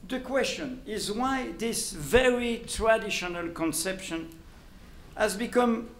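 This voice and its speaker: A man with a French accent, speaking in English as a journalist giving a prepared lecture, in a deliberate and emphatic manner. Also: sits high, expressive, a bit bright. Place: lecture hall. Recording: roomy hall sound, faint ambience.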